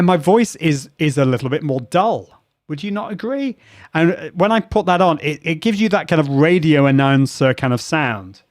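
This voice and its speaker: A chatty man hosts a live stream, thinking aloud as he tests his audio gear and answers viewers. His voice sits a little higher than most men's. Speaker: live show host.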